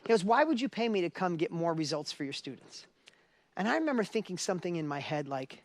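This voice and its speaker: A man's voice: sits high, sing-song, quick pace, no room sound. A middle-aged man speaking as an event speaker, telling a personal story in a motivational stage talk and building to urgent exhortation.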